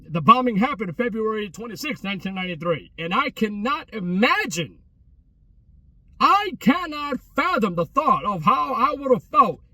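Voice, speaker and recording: Outside a closed restaurant at a mall, a male travel vlogger in his 30s rambles casually in a loose, repetitive way, full of slang and false starts. His voice sits high and sounds bright and husky. The mic is distant, picking him up a little back with no echo.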